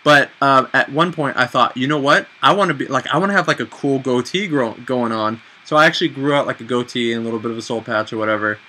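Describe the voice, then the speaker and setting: Bright-voiced chatty young man vlogging. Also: medium pitch, quick pace, few pauses, poor audio. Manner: chatty, animated, self-mocking. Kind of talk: casual advice chat.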